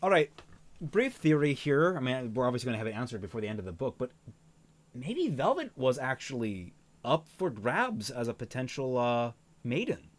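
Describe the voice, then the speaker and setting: A man reads a story aloud on his stream, his mid-range voice rising and falling with lively energy. He stumbles and restarts often, filling gaps with "uh". Now and then he breaks off to comment. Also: mid-range voice, moderate pace. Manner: animated reading, frequent fillers and restarts. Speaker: reader and streamer. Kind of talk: reading a fan novel aloud with commentary.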